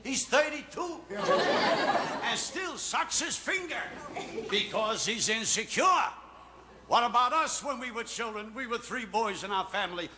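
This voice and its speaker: A man's voice: very high voice, expressive, measured pace, big-room sound, noisy background. A man doing a stand-up comedy routine, complaining his way through family anecdotes toward punchlines.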